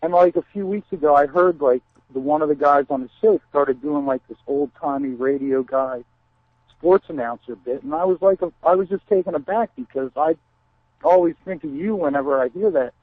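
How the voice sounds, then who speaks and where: A man's voice: a little high, a little fast, no echo. Rambling male caller on a dull line. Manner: eager, rambling, full of fillers. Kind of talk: phone-in chat.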